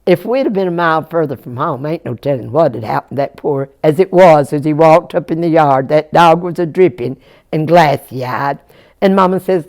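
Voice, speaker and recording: A woman's voice: low voice, normal speed, a little mellow. A woman telling a Jack tale as a folk storyteller, folksy and chuckling, speaking straight to her young listeners.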